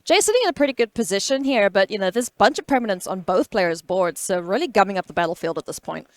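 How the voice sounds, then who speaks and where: Lively female game commentator. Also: mid-range voice, fast talker, no echo. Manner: enthusiastic, playful, lively.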